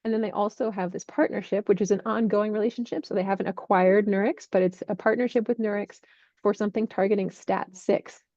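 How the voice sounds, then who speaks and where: A woman working as a healthcare investment analyst, clearly and methodically explaining drug industry developments. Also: medium pitch, steady tone, fairly quick, warm tone, no echo, lo-fi sound.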